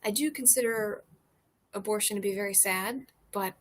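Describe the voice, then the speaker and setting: A woman's voice: medium pitch, normal speed. A young American woman streaming a casual chat, a little tipsy, rambling loosely with lots of fillers and swearing. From United States. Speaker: streamer chatting with viewers. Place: porch outdoors.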